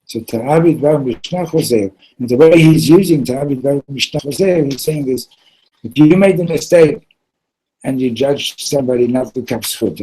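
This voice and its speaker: A man's voice: medium pitch, mellow, husky, low-quality recording. A man teaching a Torah class in a loose, conversational way, telling stories and mixing in Hebrew terms.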